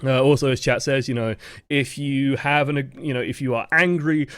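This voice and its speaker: A young man coaching players, giving a live-streamed review of gameplay footage. He talks fast in a projected, expressive way and swears casually. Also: medium pitch, clear, resonant tone, no echo, studio quality.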